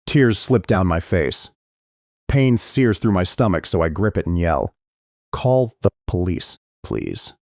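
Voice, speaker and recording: A deep-voiced man reads a suspense audiobook in the first person, with dramatic emotion. His pitch rises and falls widely. The sound is close and dry. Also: expressive, unhurried, a little mellow, no room sound. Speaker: audiobook narrator.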